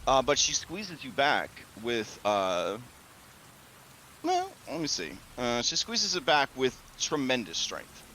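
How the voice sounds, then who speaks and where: A man narrating a tabletop game as game master, relaxed and casual, with many fillers. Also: medium pitch, slow pace, slight background noise.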